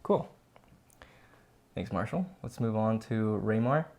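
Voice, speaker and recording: A man co-hosting a casual drawing lesson explains each step while he demonstrates, in a lowish, slightly dark, animated voice. He takes things slowly in this relaxed teaching chat.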